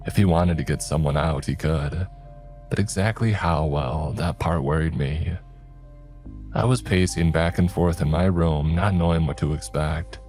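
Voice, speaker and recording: A man narrating a first-person horror story in a measured, low-key way. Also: a little mellow, soft background music.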